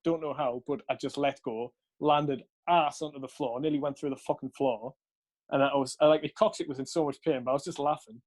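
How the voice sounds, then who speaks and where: A man's voice: mid-range voice, fairly even intonation, brisk, darkish tone. Rambling young man telling a story. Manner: rambling, laughing, swears freely, many fillers. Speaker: podcast co-host. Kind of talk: casual storytelling chat.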